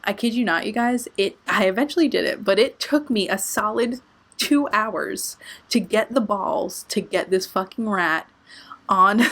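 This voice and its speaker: A young woman vlogger telling a storytime tale in a lively, expressive way, swearing freely. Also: mid-range voice, normal speed. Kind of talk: storytime vlog.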